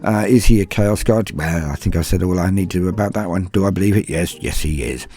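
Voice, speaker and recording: A man's voice: low voice, a little fast, dark tone. A man from southern England with a BBC English accent, answering patron questions in a chatty, self-deprecating way with rambling asides. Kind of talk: casual podcast Q&A.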